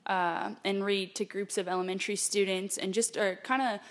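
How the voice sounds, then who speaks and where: A woman's voice: mid-range voice, steady tone, moderate pace. This is a young woman, a student athlete, in an interview. Her voice sits in the middle range, and she answers thoughtfully, a bit hesitant, with small fillers. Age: young adult.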